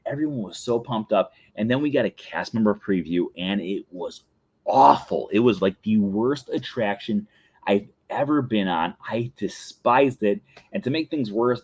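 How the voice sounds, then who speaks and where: Lower-pitched man telling rambling stories. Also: a little mellow. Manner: rambling anecdotal storytelling with frequent laughs. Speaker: podcast host. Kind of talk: casual chat.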